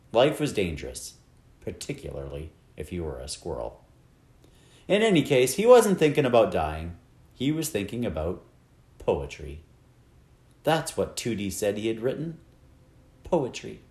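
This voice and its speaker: A man narrates a children's novel in a low voice that swoops up and down with the story. The reading sounds like it was captured in a roomy, echoey space. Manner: expressive, wide-ranging storytelling. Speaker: audiobook narrator. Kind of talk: scripted narration.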